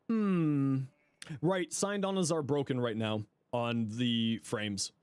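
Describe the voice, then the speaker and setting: A man's voice: medium pitch, no room sound. A man giving casual livestream commentary, thinking aloud with frequent fillers while he gives friendly advice to viewers. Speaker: streamer reviewing viewers' game builds.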